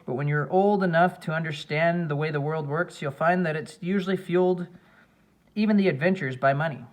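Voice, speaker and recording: A man's voice: on the high side, a little fast, voice pushed up, close to an everyday voice. A man voicing a sarcastic mother on a jungle trip, dry and teasing. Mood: patient. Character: sarcastic adventurous mother, grown woman.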